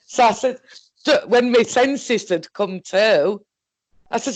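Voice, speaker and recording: A woman with a Northern English accent telling a story in a casual, halting, rambling way, swearing often. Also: mid-range voice, no echo. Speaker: guest recounting an experience.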